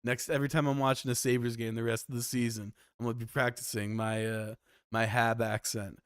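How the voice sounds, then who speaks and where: A man's voice: mid-range voice, flat delivery, brisk, clear, resonant tone, dry recording, studio quality. A young Canadian man giving casual, profane commentary over a video game, laughing often and rambling. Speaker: let's play host. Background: game music.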